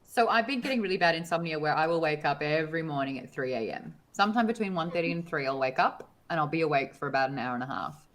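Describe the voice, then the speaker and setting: Woman co-host, animated storyteller, a bit lower pitched. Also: quick pace, hardly any pauses. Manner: animated storyteller, acts out quotes. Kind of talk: casual chat.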